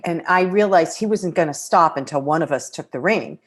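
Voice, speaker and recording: A middle-aged American woman hosting a podcast, telling a personal travel story in a reflective, emotional way with pauses. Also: lowish voice. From United States. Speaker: podcast host.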